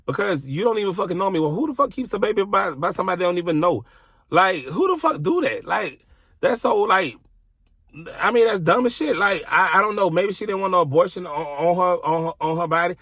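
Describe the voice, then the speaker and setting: A fairly high-voiced man vents bluntly and profanely as he tells a story from his car. His delivery is casual and exasperated, and the sound is close and dry with almost no room echo. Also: expressive, fast talker, fairly bright tone. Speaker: vlogger telling a personal story.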